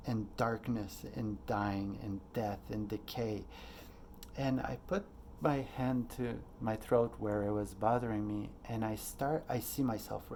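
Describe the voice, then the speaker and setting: A man's voice: medium pitch, darkish tone, slight background noise. A man in his late thirties telling a personal story as a podcast host, earnest and rambling, with frequent fillers and swearing. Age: late 30s.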